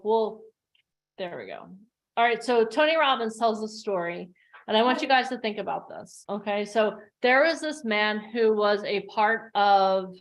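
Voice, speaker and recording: Animated woman coaching on a video call. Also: a little high. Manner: animated storyteller who acts out the voices in her stories. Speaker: coach hosting an online workshop. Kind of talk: motivational coaching talk.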